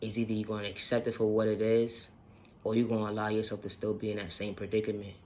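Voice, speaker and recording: A man's voice: lowish voice, completely flat delivery, fast, a little mellow, slight background noise. A man talking casually and earnestly about self-healing, repeating his points and swearing now and then. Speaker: self-help vlogger. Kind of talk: casual motivational monologue.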